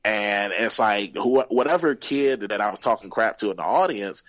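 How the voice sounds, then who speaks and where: A man's voice: lowish voice, normal speed, fairly bright tone, dry recording, lo-fi sound. A man, a guest wrestler, telling stories casually in an interview, rambling with many fillers.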